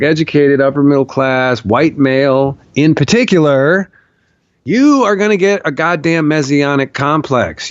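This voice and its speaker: On a podcast, a male guest tells a story in an emphatic, profane way, repeating phrases for stress in a conversational storytelling style. His voice is medium-pitched, with no room sound, though the podcast audio comes across dull and muffled.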